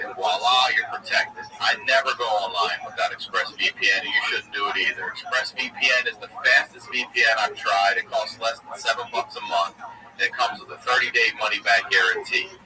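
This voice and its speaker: A man hosting a podcast, reading a sponsor ad in a brisk, casual manner. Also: mid-range voice. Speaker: podcast host. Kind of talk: read sponsor ad. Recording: distant mic, loud background noise.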